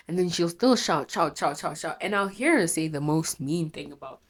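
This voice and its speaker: A young woman talks through a painful memory, her low voice thick and teary from crying. She rambles, corrects herself and swears freely, raw and unpolished. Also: moderate pace, few pauses. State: teary, runny nose from crying. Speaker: storytelling vlogger. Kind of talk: candid personal storytime.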